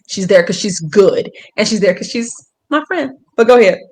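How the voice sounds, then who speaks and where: A young woman comedian with an Atlanta accent, chatting in a casual interview over a call, animated and joking. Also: medium pitch, normal speed. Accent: Southern US, Atlanta. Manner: animated, joking, slips into put-on voices. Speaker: comedian guest. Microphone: phone or video call.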